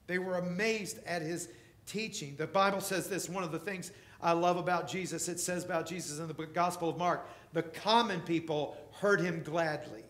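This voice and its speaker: A male pastor preaching a sermon, emphatic, swinging between loud passages and quiet ones. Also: sits high, roomy sound. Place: church.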